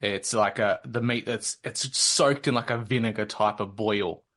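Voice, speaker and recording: A man's voice: fairly low pitch, fairly even intonation, a little slow, fairly bright tone. A man in his thirties with an Australian accent, hosting a podcast in a joking, laid-back manner. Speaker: podcast host. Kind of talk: casual podcast chat.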